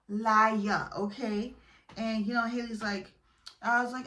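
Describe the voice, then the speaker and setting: Offering a laid-back, strongly opinionated reality show rundown, this woman rambles with fillers and livens up when something outrages her. She speaks slowly in a slightly high voice.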